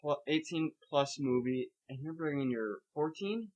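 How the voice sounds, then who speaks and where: A man's voice: fairly high pitch, expressive, measured pace, darkish tone, muffled recording. Young man, podcast co-host, casual chat, cursing, sarcastic, ranting.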